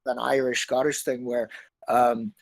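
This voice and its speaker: A middle-aged Canadian man, an actor being interviewed, talking in a rambling, animated way and slipping into other accents. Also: mid-range voice, normal speed, creaky, dry recording, rough recording. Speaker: actor guest. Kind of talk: casual interview chat.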